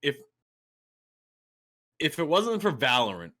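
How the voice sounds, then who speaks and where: A man with a slight Boston accent co-hosts a gaming podcast in loose, animated chat. His voice is bright and forward, and he rambles and doubles back on his words as he goes. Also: a little high, takes it slowly. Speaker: podcast co-host. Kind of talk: casual chat.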